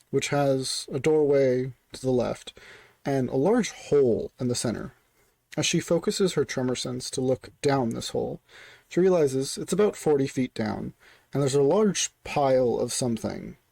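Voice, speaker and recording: A man's voice: mid-range voice, creaky, mellow, no room sound. A young man casually retelling a tabletop game session as a story. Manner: casual, filler-heavy.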